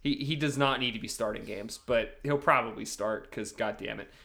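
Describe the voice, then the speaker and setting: A man talking football on a casual podcast, his voice bright and forward at a middling pitch. He rambles, stops and restarts, piling up fillers as he works through his predictions. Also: moderate pace, gravelly. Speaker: podcast co-host, Liverpool supporter.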